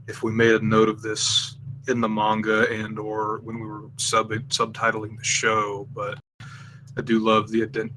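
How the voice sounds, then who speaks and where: A man with a lowish voice speaks in a very flat monotone as he explains a point on a podcast panel. His delivery is steady. Clear background noise sits under his voice. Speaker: manga translator on a podcast panel. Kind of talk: casual podcast discussion. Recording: noisy background.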